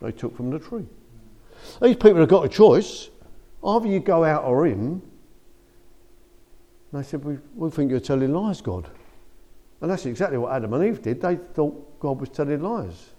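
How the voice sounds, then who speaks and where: Male preacher, chatty and emphatic, animated delivery, warm voice. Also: fairly high pitch, moderate pace, long pauses. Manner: lively, conversational, rising to emphatic outbursts. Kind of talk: informal sermon.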